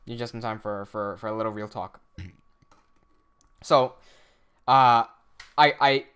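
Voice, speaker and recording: A young man chats casually on a livestream and reads comments aloud. He laughs often and swears freely. His pitch sits at an ordinary middle for a man. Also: a little slow, fairly bright tone, clean tone. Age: young adult. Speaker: livestreaming animator.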